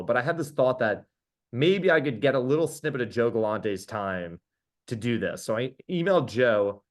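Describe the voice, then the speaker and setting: A New York podcast host, interviewed as a guest, tells stories in casual conversation. His medium-pitched voice is animated and enthusiastic, with quick restarts.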